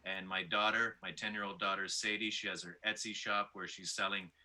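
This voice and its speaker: Man, middle-aged, stand-up comedian, deadpan, self-mocking, hesitant fillers, very bright voice. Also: deep voice, a little fast. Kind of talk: deadpan self-deprecating comic chat.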